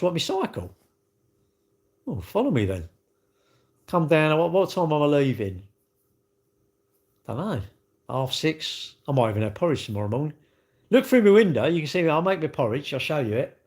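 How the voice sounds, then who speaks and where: A man's voice: medium pitch, darkish tone. A middle-aged man, chatting casually and cheekily with viewers on a livestream. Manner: chatty, cheeky banter, swearing. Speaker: livestream host. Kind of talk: casual livestream chat reading comments.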